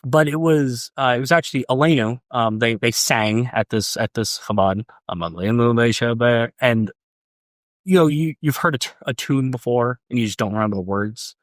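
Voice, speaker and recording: A young man in his twenties speaks at a middle pitch, stumbling over his words and circling back as he recounts a personal story. He sounds close and dry on a podcast microphone, with no room around him. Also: dry recording. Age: young adult. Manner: halting, repeats words, many ums. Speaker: guest. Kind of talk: casual interview storytelling.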